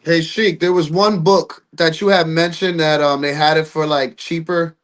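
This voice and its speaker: A man asking the host quick, loose questions in casual chat. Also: on the high side, fairly even intonation.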